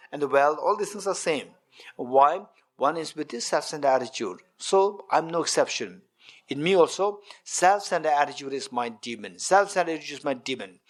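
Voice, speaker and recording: Questioning, repetitive male dharma teacher. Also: fairly high pitch. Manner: repetitive, questioning the audience, animated with gestures. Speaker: Buddhist teacher. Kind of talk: dharma teaching to a retreat audience. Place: meditation centre hall.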